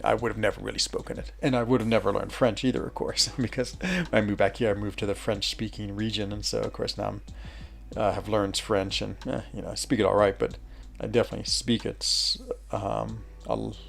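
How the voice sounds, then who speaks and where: Gravelly low-voiced American man chatting. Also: fairly even intonation, normal speed. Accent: American, with a West Virginia lilt. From United States. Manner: rambling, with frequent fillers and restarts. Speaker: streamer. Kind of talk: casual chat with viewers.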